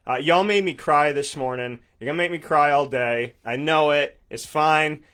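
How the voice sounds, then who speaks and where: A man's voice: a little high, moderate pace, few pauses, fairly bright tone. A man in his thirties from upstate New York hosting a morning sports talk show, upbeat and effusive, repeating words for emphasis. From Syracuse, New York. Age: 30s. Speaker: sports radio host.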